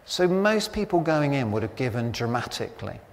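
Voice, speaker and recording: Chatty pastor in a reverberant church. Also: male voice, mid-range voice, sing-song, a little fast. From Britain. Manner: chatty, anecdotal, wry humour. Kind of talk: sermon. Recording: church hall reverb, faint ambience.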